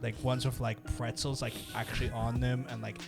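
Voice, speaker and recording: Northern Irish male podcast co-host, rambling and profane, average pitch, music bed underneath. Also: brisk, vocal fry. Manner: rambling, sweary, animated storytelling. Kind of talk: casual banter.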